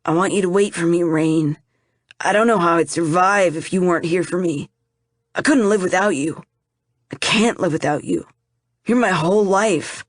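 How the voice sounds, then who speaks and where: A breezy, clingy young boyfriend, as a female audiobook narrator puts him on, quick and eager. The storybook read is dry and close. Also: lowish voice, no room sound, natural voice.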